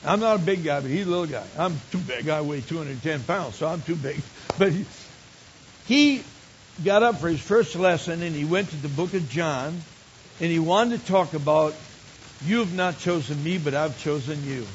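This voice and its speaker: A man's voice: a little high, moderate pace. Older man preaching in a lo-fi recording. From Michigan. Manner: storytelling, builds to emphatic exclamations. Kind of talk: sermon. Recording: dull lo-fi recording with faint hiss.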